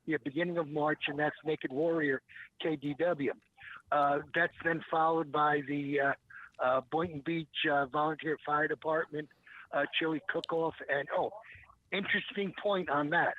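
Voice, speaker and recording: A man, a guest who makes fishing lures, talking on a radio show in a rambling way with many pauses and restarts. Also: on the high side, steady tone, no room sound. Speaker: guest, small lure maker. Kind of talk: radio talk show call-in chat. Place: calling in by phone. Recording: tinny phone line.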